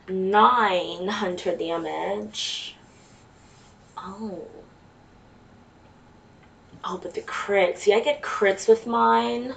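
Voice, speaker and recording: A woman with a Jamaican accent chatting slowly through a game, exclaiming at what happens on screen. Her voice is gravelly and sits a bit far from the mic, with a faint hiss behind it. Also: medium pitch. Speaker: let's play streamer. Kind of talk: casual gameplay commentary. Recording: distant mic with faint noise.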